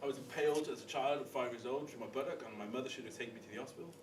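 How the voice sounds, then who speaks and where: A young man telling lively, crude stories from his past as a podcast guest, acting out what people said in loud voices, laughing and swearing. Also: medium pitch, very fast, far from the mic. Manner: animated anecdotes, acts out quotes loudly, laughs, swears. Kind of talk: casual storytelling chat.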